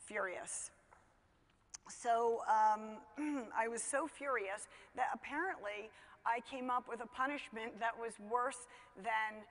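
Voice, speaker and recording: A middle-aged woman with a fairly high voice tells a family story on stage. She talks in a loose, chatty way, with plenty of fillers and easy self-deprecation. Her voice rings out with a long hall reverb. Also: fairly bright tone. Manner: conversational, chatty, many fillers like "you know", laughs at herself. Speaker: speaker telling a parenting story. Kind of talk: personal storytelling talk.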